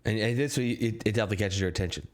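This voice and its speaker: Halting low-voiced man, game master. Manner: halting, restarts often. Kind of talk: narrating a tabletop game.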